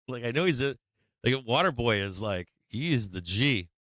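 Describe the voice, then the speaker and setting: A man's voice: medium pitch, expressive, moderate pace, a bit bright, no echo. A man hosting a stock market livestream, chatting casually and profanely with his viewers in a rambling way.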